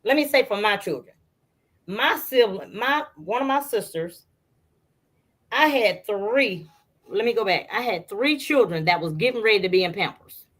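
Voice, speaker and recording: Speaking at medium pitch and a moderate pace, this middle-aged woman is a guest on an interview. Her casual family tales come alive as she imitates the voices of her relatives.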